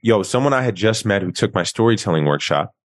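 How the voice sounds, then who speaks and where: A man from Queens, a guest author, telling animated, self-mocking stories in a casual interview. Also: fairly low pitch, fast talker, dry recording. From Queens, New York.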